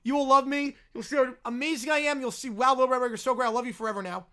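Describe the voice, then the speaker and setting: A man voicing a whiny, obsessive male bear who yells and pleads over and over. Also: extremely high pitch, steady tone, smooth. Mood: demanding. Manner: whining, yelling, drawn-out pleading.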